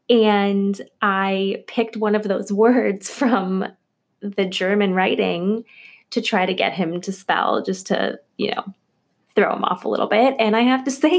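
A married woman telling lively, funny stories about her husband in a casual interview, laughing as she talks. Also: mid-range voice. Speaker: guest.

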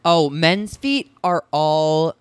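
A woman co-hosting a podcast, chatting casually in a playful, teasing way. Her voice is smooth and resonant. The recording is dry and close to the mic. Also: deep voice, lively intonation, extremely slow, no room sound. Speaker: podcast co-host. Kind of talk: casual chat.

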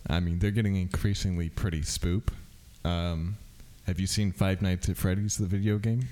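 A man's voice: deep voice, steady tone, normal speed, warm tone. A man co-hosting a podcast in casual chat, joking crudely and laughing often. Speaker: podcast co-host.

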